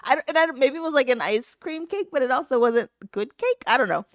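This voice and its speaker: A woman co-hosting a podcast, telling stories in a casual, animated way and laughing often. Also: high-pitched, fast talker, dry recording, clean studio sound. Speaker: podcast co-host. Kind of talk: casual chat.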